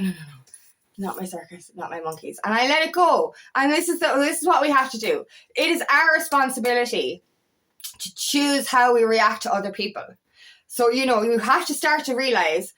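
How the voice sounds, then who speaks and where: Woman, coach, casual motivational talk, fairly high voice, blunt, heated, swearing, lots of fillers. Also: a bit bright. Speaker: empowerment coach.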